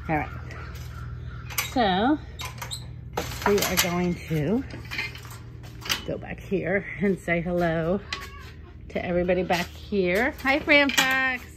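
Out by the animal enclosures, a sanctuary caretaker chats with her foxes in a sing-song, cooing pet voice as she films. Her voice sits on the low side, and she talks slowly with long pauses amid background noise.

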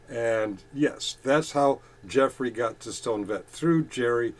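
A man with a middle-pitched voice reads chat comments aloud on his channel. He mocks commenters with profanity and laughs often. His delivery swings between loud excited bursts and low muttered asides. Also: slow pace. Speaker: YouTuber reading chat.

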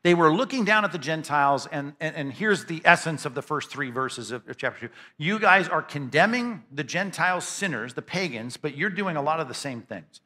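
A man preaching a sermon as pastor to a congregation in a church, emphatic and conversational, often repeating words in quick bursts. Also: on the high side, lively intonation, sharp tone. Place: church sanctuary before a congregation.

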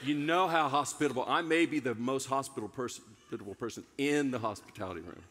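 Brief: man playing a self-important grumbling volunteer, bright forceful whine, long hall echo. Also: medium pitch, fast talker, voice pushed down, lightly acted. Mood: whiny. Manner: whiny, boastful complaining.

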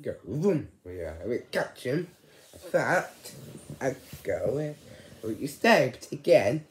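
A man chatting casually on his vlog, rambling and halting, often repeating his words. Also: medium pitch, very animated, echoey room, slight background noise. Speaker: vlogger.

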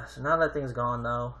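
A man narrating his own match as he plays it, talking to himself more than to anyone else. He swears freely and sounds worn down, thinking each move through aloud in a mid-pitched, ordinary voice. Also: fairly even intonation, measured pace, sharp tone. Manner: swears constantly, mutters to himself. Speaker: gaming YouTuber. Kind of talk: live gameplay commentary.

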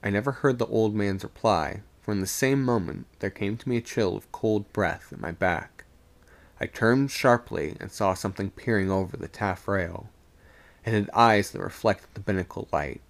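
Gravelly man reading a ghost story. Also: sits low. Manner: slow, deliberate, suspenseful reading.

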